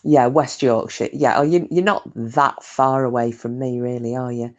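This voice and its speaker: A woman's voice: a bass voice, fairly even intonation, normal speed, highs cut off. A woman chatting casually with her live stream viewers, talkative and self-mocking, swearing freely.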